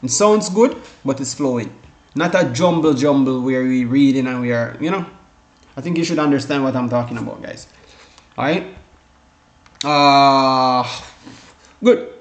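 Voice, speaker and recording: A man's voice: mid-range voice, measured pace, pauses often. A man from the Caribbean giving a casual exam-prep lesson, rambling with many restarts and fillers, often saying "guys" and "all right". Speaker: exam tutor. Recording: echoey room.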